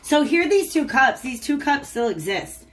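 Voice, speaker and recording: A woman's voice: high voice, sing-song, moderate pace, slight background noise. A woman giving a casual tarot reading, chatting to viewers and talking to the cards as she goes. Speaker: tarot reader.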